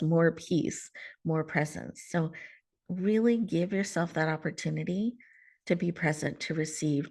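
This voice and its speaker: A woman leads a virtual audience through a slow breathing exercise, her lowish voice soothing and coaching. She sometimes drops almost to a whisper. The sound comes through a video call. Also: creaky, darkish tone. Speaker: host leading a guided breathing exercise. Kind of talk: gentle guided mindfulness talk.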